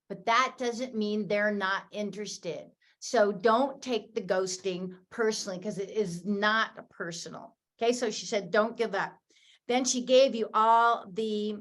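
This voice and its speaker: Woman, fairly high voice, energetic coaching, speaks straight to the audience. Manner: upbeat, encouraging, speaks to the audience directly. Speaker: host of a sales training call.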